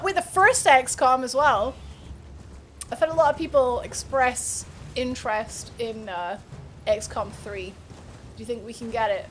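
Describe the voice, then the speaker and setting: A woman's voice: on the high side, a little hiss or hum. A woman from Scotland with an Edinburgh accent, chatting casually with her live-stream audience, laughing often and greeting viewers by name. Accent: Edinburgh Scottish. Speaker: game streamer.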